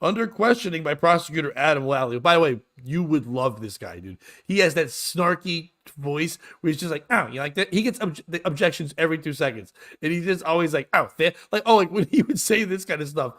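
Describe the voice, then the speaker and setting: A man's voice: on the high side, expressive, a little fast, hardly any pauses, fairly bright tone. A man hosting a casual comedic chat show, reading out texts, mocking them crudely and laughing often. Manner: reads out texts and riffs on them. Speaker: host.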